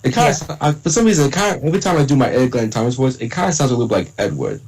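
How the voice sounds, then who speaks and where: Husky man with a lively voice. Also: mid-range voice, poor audio. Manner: halting, repeats himself. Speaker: guest voice actor. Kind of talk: casual chat on a livestream.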